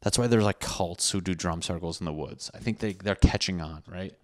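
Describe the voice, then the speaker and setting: A man's voice: deep voice, fairly quick. A young man from Connecticut hosting a podcast, telling rambling, crude stories full of swearing in a casual monologue. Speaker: podcast host.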